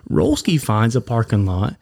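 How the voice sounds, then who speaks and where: Profane, animated male storyteller. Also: on the low side, normal speed, vocal fry. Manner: animated, profane, acts out quotes. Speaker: podcast co-host. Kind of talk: casual storytelling.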